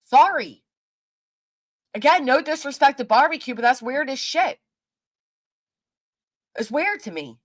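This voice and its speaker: A woman's voice: high-pitched, lively intonation, moderate pace, long pauses. A woman live streaming, ranting angrily with heavy cursing and talking back to her chat. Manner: heated, profane, talks back to chat. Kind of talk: angry livestream rant.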